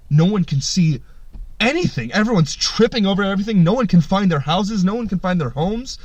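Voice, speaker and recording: Animated swearing male podcast host. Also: high voice, a little fast, no room sound, highs cut off. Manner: animated, swearing, jumps into voices. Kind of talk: casual storytelling chat.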